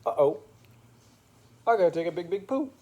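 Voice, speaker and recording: A man plays a gentle, cheerful old gentleman from a bedtime storybook, pitched somewhat above his usual voice. He speaks in a friendly, comforting, sing-song way, and the tone is mellow and soft-edged. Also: expressive, normal speed, highs cut off. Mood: kind, comforting.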